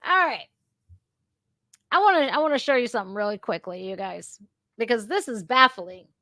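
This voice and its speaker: A woman's voice: a little high, lively intonation, normal speed, pushed and bright, no room sound, studio quality. A middle-aged woman hosting a reaction stream, talking bluntly with lots of swearing and mocking sarcasm. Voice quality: brash, blunt, swearing freely. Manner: sarcastic, mocking mimicry of opponents. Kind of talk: casual profane reaction commentary.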